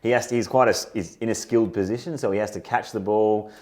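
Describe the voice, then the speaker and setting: Male co-host, deeper voice, energetic and keen in casual chat. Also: fast. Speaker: co-host, trainer.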